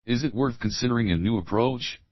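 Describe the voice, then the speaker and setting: For English learners, a mid-range male voice reads sample questions individually, starting with the opening words and following with the full question. The teacher keeps the drill slow and clear, repeating each opening phrase. The audio is dry and dull.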